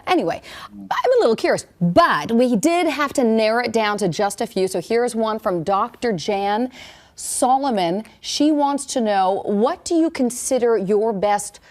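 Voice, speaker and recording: Woman tv co-host, bit high voice, teasing playful questions. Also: lively intonation, a little slow. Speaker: morning show co-host.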